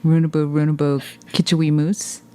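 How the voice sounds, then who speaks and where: A thick, broad Scottish brogue from an old granny crooning a nursery rhyme, as a woman puts her on. The voice sits low and rolls the words heavily. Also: little pitch movement, normal speed, mellow, natural voice. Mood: playful.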